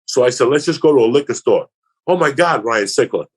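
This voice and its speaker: Brief: male comic, crude and profane anecdote teller, husky voice with a lively, swinging delivery. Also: medium pitch, brisk. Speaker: comedian guest. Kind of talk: casual podcast storytelling.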